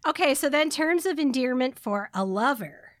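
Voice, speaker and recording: A woman's voice: high voice, animated, normal speed, no room sound, studio quality. A woman co-hosting a podcast in casual chat, giggling often between her phrases. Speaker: podcast co-host.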